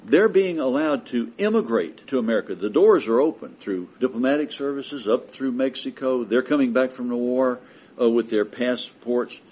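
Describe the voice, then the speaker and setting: Husky guy preaching a sermon, gets loud and emphatic, punches his points. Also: medium pitch, lo-fi sound. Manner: emphatic, building to forceful declarations.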